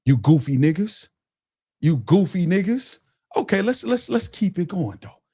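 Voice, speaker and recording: A man's voice: high-pitched, sing-song, unhurried, dark tone, slightly rough. A man ranting profanely on a livestream, mocking his listeners and repeating phrases over and over. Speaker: streamer with his own platform. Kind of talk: angry livestream rant.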